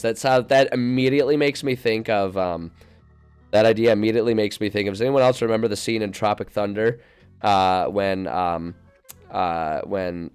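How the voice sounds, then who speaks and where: Casual male streamer, lowish voice, rambling delivery, faint music underneath. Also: darkish tone, clean tone. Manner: rambling, self-interrupting, laughs often. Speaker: streamer and game master. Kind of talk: casual livestream chat.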